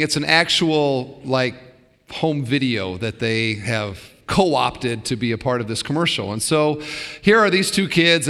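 A man preaching a sermon as pastor, talking casually with fillers and rising to excited bursts. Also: mid-range voice, long reverb tail. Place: church sanctuary.

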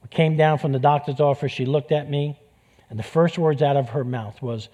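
A man's voice: a little high, steady tone, normal speed, dark tone. A man with a New York accent preaching a sermon with passion, repeating phrases for emphasis. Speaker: pastor.

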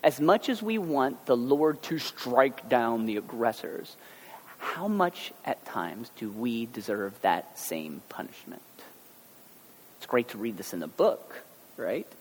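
A male pastor giving a conversational sermon, animated and joking as he talks to the congregation. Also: mid-range voice, slow pace, breathy edge. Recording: long hall reverb.

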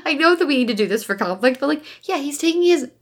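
A woman's voice: high-pitched, expressive, quick pace. A woman co-hosting a podcast, recapping a movie in a blunt, sarcastic way and swearing freely. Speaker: podcast co-host. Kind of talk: casual chat recapping a movie.

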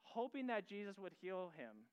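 Conversational male preacher, smooth clear voice. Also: sits high, big pitch swings, normal speed, highs cut off. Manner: conversational, asks the audience directly. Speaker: pastor. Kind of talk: sermon.

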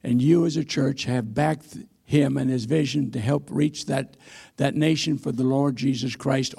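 A man's voice: medium pitch, gravelly, a little mellow, husky. A man in his eighties, a missionary preacher, giving a sermon in a church with folksy, self-deprecating stories and frequent hesitations. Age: 80s. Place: church sanctuary.

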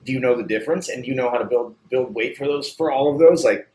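A man's voice: medium pitch, fast talker, darkish tone, a little hiss or hum. A man who owns a barbershop and trains an apprentice, chatting casually in a loose, profane way with lots of filler. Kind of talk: casual chat. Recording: roomy recording with faint ambience.

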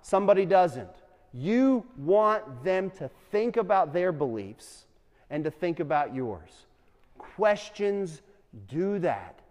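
A young adult man teaching a class, an animated storyteller who keeps asking the room questions. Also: high voice, slow. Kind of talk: lively classroom talk with questions to students. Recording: long reverb in a hall.

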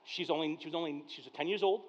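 High-voiced animated man preaching. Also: quick pace. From Mexican heritage. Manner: conversational storyteller, acts out dialogue, swings from hushed to loud. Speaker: pastor. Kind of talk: sermon with personal stories. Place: church service. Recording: dull lo-fi sound.

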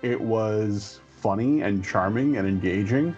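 Man, podcast co-host, casual chat, laid-back, profane, low voice, dull lo-fi recording, faint music behind. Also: unhurried, darkish tone.

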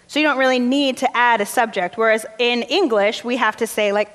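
A woman's voice: a little high, brisk, few pauses. Woman pastor preaching in a reverberant hall. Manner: conversational storytelling, relaxed fillers. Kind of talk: sermon.

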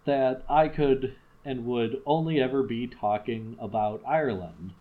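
A man's voice: medium pitch, unhurried. A man in his usual speaking range chats casually and jokes dryly as a podcast co-host. His voice comes through a dull, lo-fi recording. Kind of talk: casual chat.

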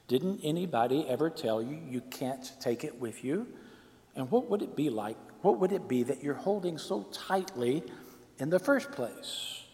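A man's voice: on the high side, animated, normal speed, mellow. A man plays a patient, rule-bound gatekeeper of heaven, firm and matter-of-fact, his voice lifting as he insists. The sound blooms in a long hall reverb. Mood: stern. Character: gatekeeping saint, rule-bound, mildly stern.

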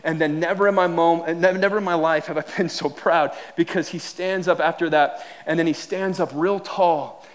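A man in his thirties preaches with a somewhat high-pitched voice, telling a family story from the pulpit. He acts out the voices in his story with animation, and his phrasing stumbles and restarts as he goes. The delivery is a pastor's storytelling sermon. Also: fairly even intonation, normal speed, hardly any pauses.

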